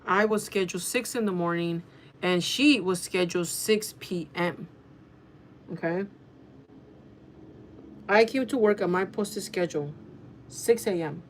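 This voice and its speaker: A woman talking straight to camera in a casual storytime vlog, her voice at a middling pitch. She tells it chatty and animated, with a loose, profane edge, rushing through lines in quick bursts. A faint hum of noise sits under her voice. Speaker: vlogger.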